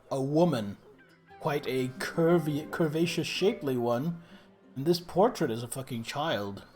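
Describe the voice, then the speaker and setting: A chatty male streamer talking casually over his gameplay, candid and sometimes crude. His voice sits a little high and moves up and down a lot, with faint game music behind him. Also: a little mellow.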